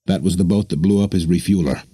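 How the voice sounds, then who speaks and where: A man narrating an audiobook in a steady, measured reading on a close microphone. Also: low-pitched, breathy edge, no room sound.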